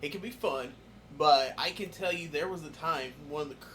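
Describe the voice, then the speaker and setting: A man on a podcast who gets loud and excited telling concert stories. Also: fairly high pitch, fairly quick, slight background noise. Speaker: podcast host. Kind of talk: casual podcast chat.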